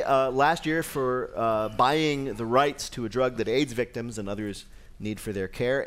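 A man's voice: medium pitch, fairly bright tone, a little hiss or hum. A man hosting a comic radio quiz, delivering jokes with wry timing. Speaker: quiz show host. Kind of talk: comic panel quiz banter.

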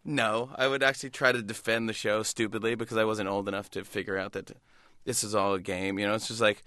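A comedian and talk show host, a man, telling animated stories as a guest in a radio interview. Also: fairly low pitch, dry recording, clean studio sound. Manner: animated, quick storyteller with restarts and laughs. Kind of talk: casual storytelling interview.

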